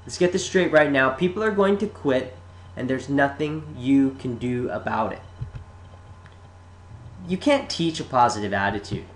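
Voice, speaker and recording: A man narrating a sales pitch in a chatty, sarcastic way, talking straight to the listener. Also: animated, normal speed, pauses often. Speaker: marketing presenter. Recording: roomy echo.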